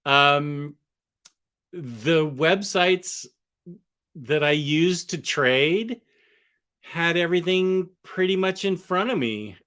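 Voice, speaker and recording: He takes it slowly this time, his fairly high voice expressive and a bit bright. The comic book collector rambles casually on his livestream from an apartment room full of bookshelves, restarting frequently, responding to chat, and still fighting the hiccups.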